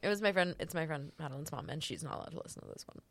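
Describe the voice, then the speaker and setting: A woman's voice: racing, vocal fry, slight background noise. A woman comedian, a podcast guest, telling a bawdy personal story in casual chat and laughing often. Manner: bawdy, laughs often, quotes people in a flat low voice.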